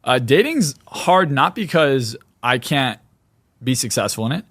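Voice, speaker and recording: A man's voice: mid-range voice, very animated, unhurried, fairly bright tone, no room sound, clean studio sound. A man speaking as a podcast guest in a blunt, emphatic, opinionated way. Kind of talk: podcast interview.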